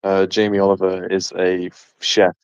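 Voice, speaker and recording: A man's voice: sits low, monotone, normal speed, clear, resonant tone, no echo, dull audio. A British man chatting on a live stream as a guest. He talks casually and laughs often. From United Kingdom.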